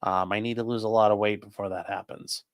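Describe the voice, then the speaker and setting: A man hosting a livestream, reading out viewer questions and answering them in a rambling, offhand way that often trails off quietly. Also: on the low side, flat delivery, a little fast, clear, resonant tone, no echo, clean studio sound. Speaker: livestream host reading chat. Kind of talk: casual live chat.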